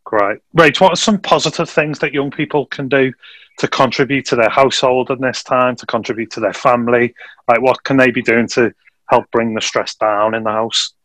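A man hosting a casual interview, asking questions in a relaxed, conversational way with restarts. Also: mid-range voice, moderate pace, dry recording. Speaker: host.

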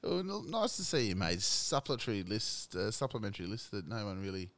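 A man's voice: lowish voice, expressive, brisk, a bit bright, slight background noise. A man co-hosting a casual sports chat, blunt and sweary, mocking his co-host.

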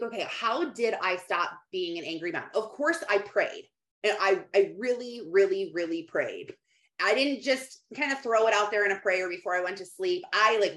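A woman's voice: medium pitch, a bit bright. A woman and mother who leads a church moms' group, talking candidly and practically about faith and parenting. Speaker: mom group leader. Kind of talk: casual faith talk to camera. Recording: echoey room.

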